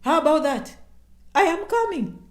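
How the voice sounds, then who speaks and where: A woman's voice: sits high, normal speed, roomy sound. A woman answering her viewers' questions in a casual livestream. She is chatty and emphatic, repeats herself for effect, and speaks of herself by name. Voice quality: animated, emphatic repetition. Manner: chatty, self-promoting, speaks of herself in third person.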